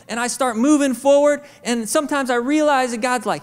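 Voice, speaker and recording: A man preaching a sermon as senior pastor in a church, conversational and animated, acting out the voices of children and God. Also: very high-pitched, moderate pace, hardly any pauses, clear, resonant tone. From St. Louis, Missouri. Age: adult with kids. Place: church auditorium. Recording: reverberant church hall.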